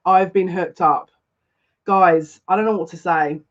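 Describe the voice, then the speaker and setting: A woman's voice: lowish voice, fairly even intonation, a little slow. A woman hosting a casual live stream as a psychic tarot reader, greeting viewers by name, effusive and on the verge of tears. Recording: slightly dull lo-fi sound.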